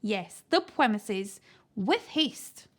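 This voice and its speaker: A woman's voice: mid-range voice, sing-song, extremely slow, heavily acted. A woman voicing a stiff, pompous, very posh male zoo director who says W for R. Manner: achingly posh, R's come out as W's.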